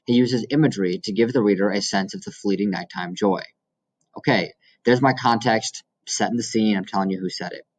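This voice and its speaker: Lowish-voiced man teaching a writing lesson. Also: poor audio. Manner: explanatory, walks through examples step by step. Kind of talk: recorded classroom lesson.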